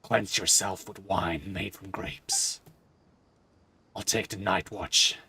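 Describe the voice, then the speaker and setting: A man voicing a grave, brooding father who mourns his lost wife, speaking slowly and solemnly. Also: low voice, steady tone, gravelly, bright, forceful tone, voice pushed down, heavily acted. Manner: slow, solemn, heavy.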